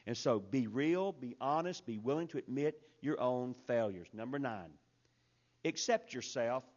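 A man preaching a sermon in an earnest, emphatic way that builds to loud peaks. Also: mid-range voice, expressive, a little slow. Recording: dull lo-fi recording.

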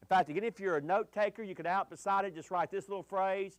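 Pasteur à la voix assez haute. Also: male voice, sits high, no echo. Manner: deliberate, repeats key phrases. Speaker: pastor. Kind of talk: sermon.

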